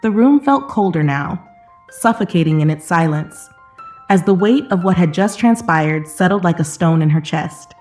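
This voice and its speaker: A woman with a low voice narrates a scripted drama at a slow, even pace. Her delivery stays measured and dramatic. Soft music plays faintly underneath. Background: soft background music.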